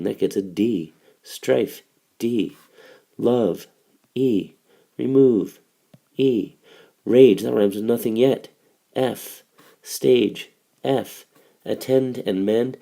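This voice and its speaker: Low gravelly male teacher. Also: dark tone. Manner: casual, explanatory, step by step. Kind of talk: recorded literature lesson.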